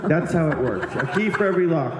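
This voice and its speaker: A man working the crowd on stage, brash and profane, his voice bouncing around a very echoey room. His pitch sits a little high and swings widely as he riffs. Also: animated, fast. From eastern United States. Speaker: stand-up comedian doing crowd work. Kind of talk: live stand-up crowd work.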